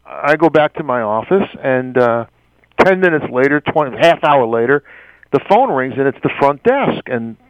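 A man spins an animated anecdote as an interview guest, stammering and acting out the voices of the people in it. His voice sits at an ordinary mid pitch. The sound is dull and slightly muffled, with no room echo. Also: moderate pace, smooth. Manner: acts out quoted voices, stammers and laughs often.

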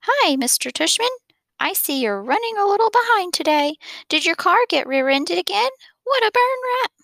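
Woman doing a dad's fake old lady voice, high and squeaky, teasing storybook caricature, gravelly edges. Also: big pitch swings, normal speed, fairly bright tone, no room sound, heavily acted. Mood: silly. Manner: teasing, playful. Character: man faking a shrill old lady.

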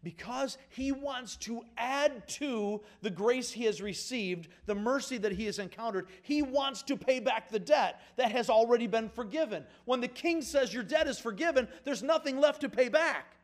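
A male pastor preaching a sermon in a conversational, folksy way, swinging from quiet asides up to emphatic, louder points. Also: moderate pace, hardly any pauses. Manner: rises in pitch and volume for emphatic points, drops to quiet asides.

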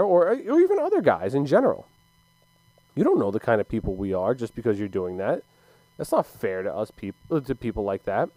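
A man's voice: medium pitch, warm tone, dry recording, rough recording. A young man ranting casually to camera, heated and profane, with frequent stumbles and restarts. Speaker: sports commentator.

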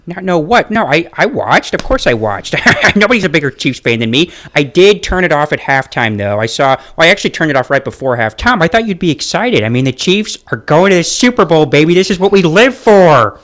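A man plays a brash, boastful radio co-host in a comedy sketch. His voice is high and bright, with a very lively, swooping pitch. He sounds like an excitable sports fan who brags loudly. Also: a little fast, hardly any pauses.

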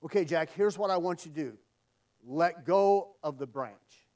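A man voicing God in a sermon story, speaking calmly and patiently. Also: on the high side, a little slow, distant mic, lightly acted. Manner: calm, gently instructing.

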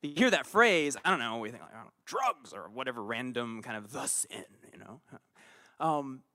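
A man preaching a conversational sermon, telling a personal story with animated swings between quiet asides and loud bursts. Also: mid-range voice, moderate pace. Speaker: pastor.

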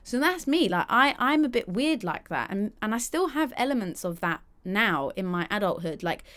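A woman's voice: medium pitch, sing-song, normal speed, a bit bright. Woman, podcast host, solo monologue, candid, chatty, acts out quotes.

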